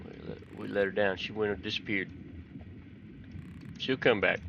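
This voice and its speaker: A man's voice: fairly low pitch, moderate pace, vocal fry, long pauses, muffled recording, a little hiss or hum. A man from Texas, giving folksy, chatty commentary on a fishing game and telling fishing stories. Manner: folksy, chatty, excited when fish bite. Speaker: gaming channel host.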